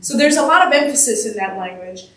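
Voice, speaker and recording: A woman singer with a fairly high voice chats through a post-concert Q&A, explaining in a lively, laughing way. She sounds far from the mic. The sound rings around a large church hall. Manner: chatty and explanatory, with quick laughs. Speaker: singer answering audience questions.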